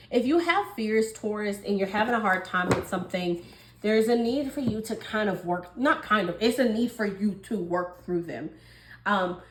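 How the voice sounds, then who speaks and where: A woman's voice: mid-range voice, echoey room, background noise. A woman giving a casual tarot reading in a chatty way. She laughs often and acts out little dialogues. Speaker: tarot reader.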